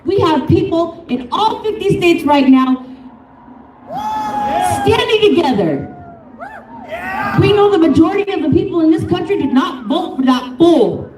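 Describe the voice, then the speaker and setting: At an outdoor rally, a woman from Colorado delivers a fiery, profane, off-the-cuff protest speech, laughing between lines. Her voice is extremely high and sing-song, unhurried and full of pauses, captured echoey and from a distance with background noise.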